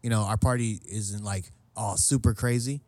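A man in his late thirties hosting a podcast, telling stories in a loose, animated way, swearing, laughing and acting out what people said. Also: on the low side, moderate pace, no echo. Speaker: podcast host. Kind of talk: casual storytelling chat. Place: southern California.

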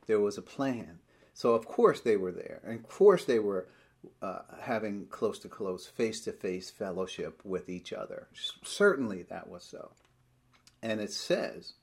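A man with a fairly low voice teaches a bible study in a plain, explanatory way. He breaks each verse down step by step and slows down whenever he reads scripture aloud. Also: slightly rough.

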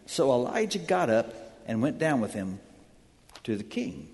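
A man's voice: medium pitch, sing-song, moderate pace, darkish tone, big-room sound. A man preaching a sermon, telling the story with dramatic energy in a church sanctuary. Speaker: pastor.

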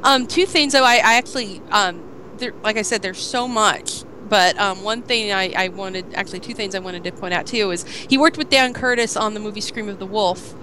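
A woman hosting a podcast in casual chat, relaxed and giving recommendations with small hesitations. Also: mid-range voice, normal speed, few pauses, a little hiss or hum. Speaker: podcast host.

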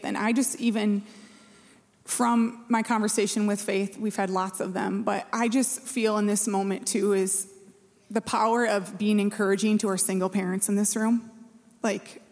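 A woman addresses a congregation in an earnest, conversational way. Her intonation stays flat and level. A long hall reverb trails her voice. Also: medium pitch, normal speed. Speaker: church staff speaker. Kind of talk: sermon talk.

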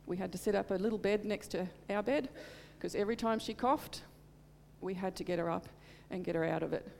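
A woman's voice: medium pitch, a little fast, gravelly, darkish tone, long reverb tail, a little hiss or hum. A middle-aged woman preaching in church, telling a personal testimony in an earnest, heartfelt way. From Australia. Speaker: church speaker.

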